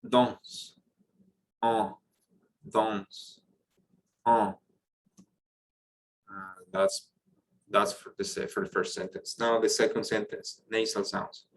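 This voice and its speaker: A man's voice: fairly low pitch, fairly bright tone, rough recording. A man teaching a French pronunciation lesson to students, explaining patiently with frequent fillers and restarts. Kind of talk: online class lesson.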